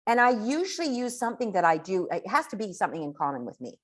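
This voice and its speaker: A woman giving a casual coaching talk on network marketing, chatty and animated. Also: mid-range voice, fast. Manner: chatty, animated, acts out quoted dialogue.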